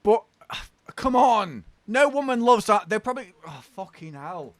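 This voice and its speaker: A man's voice: high-pitched, sing-song, measured pace, no room sound. A British man hosting a reaction video, mocking and swearing in an exasperated rant.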